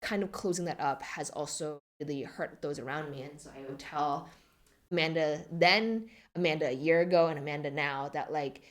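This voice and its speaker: A woman in her twenties, a podcast guest, talking reflectively and softly with many fillers. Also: low-pitched, normal speed. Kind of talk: podcast interview.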